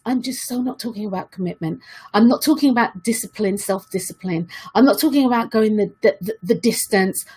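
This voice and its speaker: A woman's voice: fairly high pitch, slightly rough. A woman giving an earnest motivational talk to her viewers, repeating key questions for emphasis. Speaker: self-help speaker.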